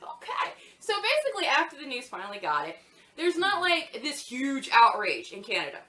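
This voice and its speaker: A woman with a very high, bright voice rants with heated, profane mockery. Her pitch swings widely as she talks. The sound is roomy and echoey. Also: huge pitch swings, normal speed. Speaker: podcast co-host. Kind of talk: ranting commentary.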